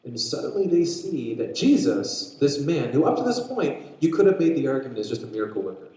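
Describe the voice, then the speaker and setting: A man preaching a sermon, retelling a story in an animated way with frequent restarts. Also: mid-range voice, brisk. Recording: very echoey room.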